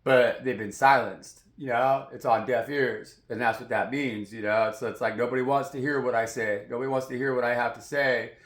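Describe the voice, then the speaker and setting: A man's voice: mid-range voice, steady tone, moderate pace, hardly any pauses, a bit bright. A man giving a rambling, profane spiritual monologue as a tarot reader, preachy in tone. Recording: roomy echoey sound.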